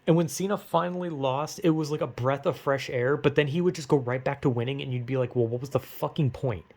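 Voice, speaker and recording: A man who vlogs about wrestling goes on a casual rant, rambling with plenty of fillers. His voice is a little high, fast, and gravelly, and he grows frustrated and swears often.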